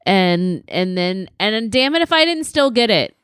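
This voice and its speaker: A woman's voice: mid-range voice, a little slow, few pauses, clean tone, no echo, clean studio sound. A woman co-hosting a podcast with a sick, congested voice, telling stories wryly. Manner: wry, animated storytelling. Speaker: podcast co-host. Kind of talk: casual chat.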